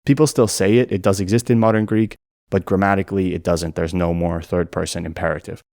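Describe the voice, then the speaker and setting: Deep-voiced guy narrating an educational vid, steady and methodical, dry close sound. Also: brisk, no echo. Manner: clear, methodical explaining. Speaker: language explainer.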